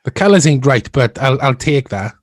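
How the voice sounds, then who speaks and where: A man's voice: medium pitch, expressive, moderate pace, no echo, studio quality. Rambling, thoughtful male podcast host. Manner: thoughtful, rambling, often laughs. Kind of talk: casual chat.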